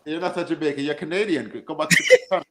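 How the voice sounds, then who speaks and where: A man's voice: fairly high pitch, fairly quick, bright, forceful tone. A man in a casual live-stream chat, arguing his point insistently with jokes. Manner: insistent, joking argument.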